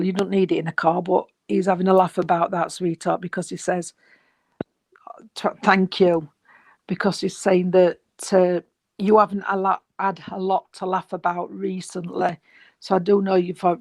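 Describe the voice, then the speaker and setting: A spiritualist medium giving a gentle, reassuring reading, rambling and repeating, with many fillers. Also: medium pitch, gravelly, no room sound, poor audio. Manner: gentle, reassuring, calls the sitter sweetheart and darling. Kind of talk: mediumship reading at an online service.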